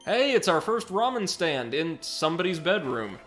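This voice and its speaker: While playing through a game, a male host reads chat and reacts to his viewers in a chatty, excitable way, frequently fixing his wording partway through sentences. His voice is fairly high and his speed normal, with faint music in the background.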